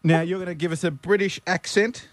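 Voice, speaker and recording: A man's voice: high voice, steady tone, a little fast, dry recording. A man hosting breakfast radio, joking and teasing, often laughing, on a studio microphone. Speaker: radio host.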